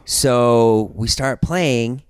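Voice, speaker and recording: A man's voice: medium pitch, very slow, smooth, no room sound, studio quality. A young man on a podcast telling a long story in casual chat, rambling with lots of fillers and restarts. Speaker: podcast guest.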